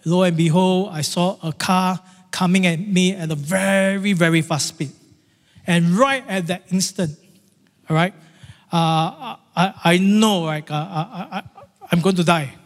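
A middle-aged pastor, telling a story in a sermon in an animated, repetitive, dramatic way, recorded in a large church hall. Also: male voice, sits high, a little slow. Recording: long church reverb, faint music.

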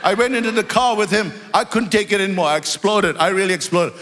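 A man with a high voice preaches a sermon, telling his story with animated energy that rises into shouts. The live recording carries a long reverb from a church hall. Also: fast. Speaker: pastor.

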